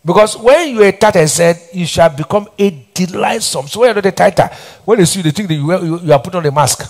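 Nigerian pastor guy preaching, kinda high voice, keeps asking the crowd "what?" and repeating himself. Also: expressive, fast talker. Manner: preaching with call-and-response questions and repetition. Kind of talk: sermon. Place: church hall.

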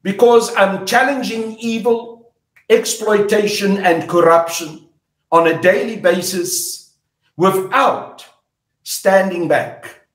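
Older South African man, angry and defiant, high voice, slow emphatic delivery, echoey room. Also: a bit bright. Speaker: politician. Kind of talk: angry public statement.

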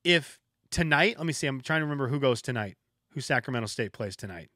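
A man hosting a solo sports podcast, ranting in an exasperated way and second-guessing himself out loud. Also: mid-range voice, animated, quick pace, no echo, studio quality. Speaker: podcast host.

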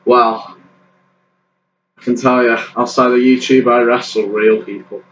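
A man hosting his own channel, calling backyard wrestling play-by-play with excited exclamations over the action. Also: medium pitch, measured pace, a little hiss or hum. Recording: echoey, distant, dull lo-fi camera sound.

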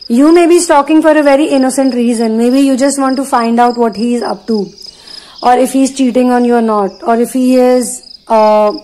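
A woman giving an earnest spiritual talk to her listeners, pausing now and then to channel messages. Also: fairly high pitch, fairly even intonation, dark tone, a little hiss or hum, poor audio. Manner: earnest, repetitive, pauses to channel. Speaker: spiritual reader.

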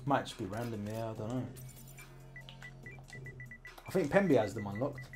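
A man with a British accent giving casual commentary while he plays a video game. He is chatty, then drops into quiet muttering while he concentrates. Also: lowish voice, animated, moderate pace, faint music behind. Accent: British English. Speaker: gaming streamer.

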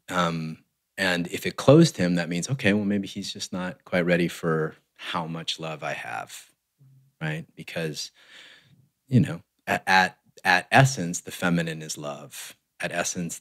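Deep-voiced male relationship coach. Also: fairly bright tone. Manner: measured, explanatory, often tags "right?". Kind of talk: conversational podcast interview.

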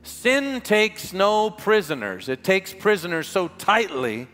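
A man preaching a revival sermon as pastor, impassioned and emphatic, stretching key words slowly for weight, recorded live in a large church. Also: sits high, big pitch swings, fairly bright tone, faint music behind. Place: large church hall with music behind. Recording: live church hall reverb.

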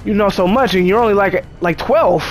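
A man's voice: sits high, fairly quick, soft background music. A man giving casual gameplay commentary, joking and cursing as he chatters to the game characters. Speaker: gamer.

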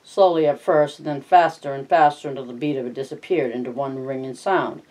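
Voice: mid-range voice, a little fast, darkish tone, recorded from a distance, low-quality recording. Plain reader of a novel. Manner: plain reading with brief remarks. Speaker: reader of a study guide. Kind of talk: reading aloud with personal asides.

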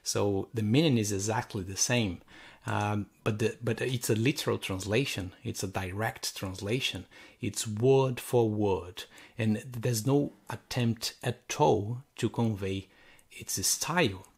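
Slow, husky-voiced male lecturer. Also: on the low side. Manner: slow and halting, many fillers and restarts. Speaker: university language lecturer. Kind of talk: recorded sample lecture.

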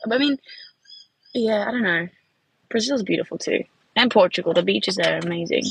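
A young woman from Australia with an Australian accent, chatting bubbly and excited on a live stream from her phone in a car. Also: medium pitch, a little fast, vocal fry, slight background noise, poor audio. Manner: bubbly, gasping and laughing at gifts, many "like"s. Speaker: livestreamer. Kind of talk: casual live stream chat.

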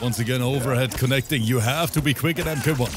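A man calling a fighting-game match live, with chatty, energetic play-by-play. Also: mid-range voice, fast talker, noisy background. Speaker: esports commentator. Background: game music.

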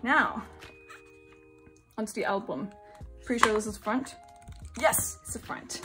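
A young woman from Singapore chatting casually while unboxing albums, giggly and gushing, now and then breaking into high squeals. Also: steady tone, moderate pace, loud music behind the voice. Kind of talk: excited casual chat.

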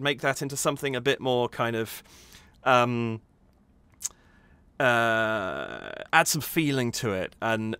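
A man's voice: mid-range voice, clear, resonant tone, no echo. A man hosting a reaction video, talking enthusiastically and laughing often as he comments on a song. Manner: animated, enthusiastic, laughs often, hums rhythms. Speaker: host reacting to a music video.

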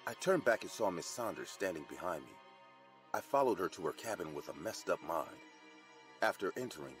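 A man's voice: low-pitched, expressive, normal speed, faint music behind. A man giving dramatic, first-person scripted horror narration.

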